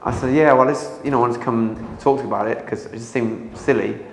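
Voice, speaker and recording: A man's voice: medium pitch, quick pace, vocal fry, slight background noise. Man telling a story, echoey room. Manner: animated, acts out dialogue, laughs at his own story. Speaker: comedian guest. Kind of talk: anecdotal interview storytelling. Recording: echoey room with long reverb.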